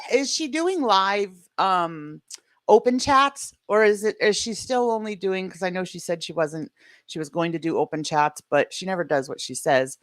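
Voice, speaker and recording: A woman's voice: mid-range voice, fairly bright tone, dry recording, clean studio sound. A woman hosting a reaction commentary stream, sarcastic and lecturing. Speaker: commentary channel host.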